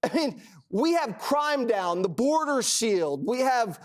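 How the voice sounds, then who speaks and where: A man's voice: very high-pitched, sing-song, measured pace. A man co-hosting a panel show, brash and boastful while telling anecdotes. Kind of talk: casual panel commentary.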